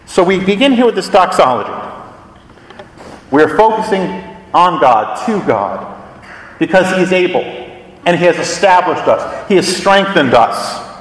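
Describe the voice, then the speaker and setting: A man with a high voice preaches a sermon, explaining scripture and posing rhetorical questions to his congregation. He sounds set back from the mic, and the words echo around a large church hall. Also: lively intonation, measured pace, pauses often. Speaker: pastor. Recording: echoey hall, voice from a distance.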